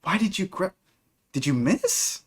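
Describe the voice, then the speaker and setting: A man voicing a weary, stern elven healer mother who scolds softly and calmly. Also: measured pace, breathy edge, heavily acted. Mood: exasperated. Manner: soft, low and calmly scolding.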